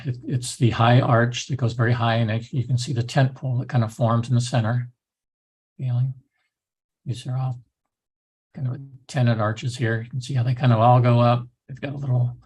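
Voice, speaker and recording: A man's voice: mid-range voice, steady tone, moderate pace, darkish tone, breathy edge. A man instructor giving a recorded lecture in a loose, rambling way with many restarts.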